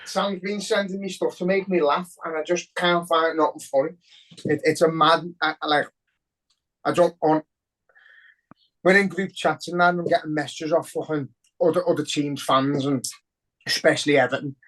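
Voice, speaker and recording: A man's voice: a little high, steady tone, normal speed, fairly bright tone. A young man with a Liverpool accent, chatting on a podcast, swearing heavily as he rants with emotion. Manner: heavy swearing, emotional and ranting. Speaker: podcast co-host. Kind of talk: casual podcast chat.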